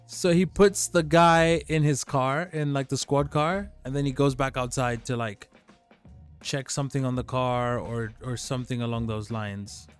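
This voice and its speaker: A man hosting a livestream, telling a story in a rambling, animated way full of "like" and "dude". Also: mid-range voice, normal speed, clean tone, soft background music. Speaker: livestream host.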